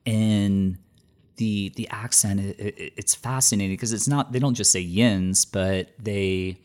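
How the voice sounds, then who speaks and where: A man's voice: on the low side, steady tone, a little slow, a little mellow. A man in his thirties chatting casually, rambling with many fillers and restarts. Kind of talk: casual chat.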